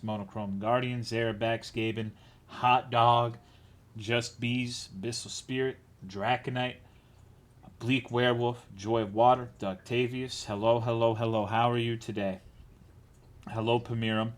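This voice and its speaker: A man streaming, casually greeting his chat, a bit tipsy and tired, joking and swearing as he teases viewers. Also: mid-range voice.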